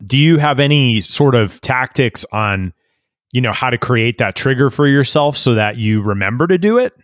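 A man's voice: medium pitch, lively intonation, normal speed, no room sound. A man hosting a podcast, asking questions with a joking, dry sense of humor. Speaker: podcast host. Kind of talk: casual podcast conversation.

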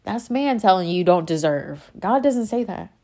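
Speaking at a moderate pace in a warm, mid-range, animated voice, a woman shares a casual spiritual monologue as a faith vlogger. Her passion for her faith makes her ramble and break into her own thoughts as she gets worked up.

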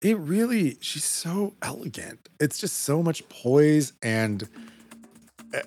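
A man's voice: on the high side, big pitch swings, takes it slowly, a little mellow, breathy edge, dry recording, soft background music. A man co-hosting a casual chat, sassy and gushing, often trailing off and restarting. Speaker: co-host.

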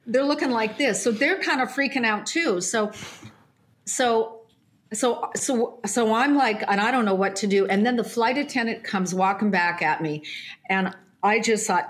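A woman telling a casual anecdote in an animated way, restarting sentences often and acting out other people's voices. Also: fairly high pitch, normal speed.

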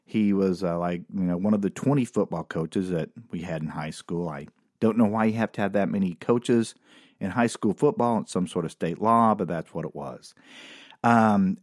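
A man's voice: on the low side, darkish tone, no echo. A middle-aged man from Oklahoma, telling a funny story from his own life in a wry, casual way with dry asides and lots of fillers. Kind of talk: comedic personal storytelling.

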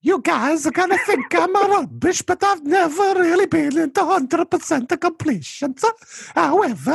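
A man putting on a high, strained Italian caricature voice, reading out a listener's message slowly and sing-song. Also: vocal fry, no room sound, studio quality, exaggerated voice. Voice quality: squeaky, strained put-on accent.

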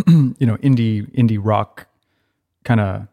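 A man's voice: lowish voice, slow pace, creaky, mellow. A man hosting a casual music podcast, talking loosely about a band with lots of fillers and restarts. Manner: rambling, many fillers and restarts. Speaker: podcast host.

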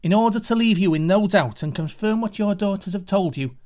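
A man voicing a brave young hero who speaks loudly and formally to a king. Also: high voice, expressive, fairly quick, voice pushed up. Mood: proud.

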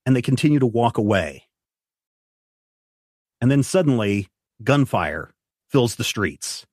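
A man's voice: mid-range voice, dry recording, clean studio sound. Man narrating as game master. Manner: descriptive narration with rules explanations, some restarts.

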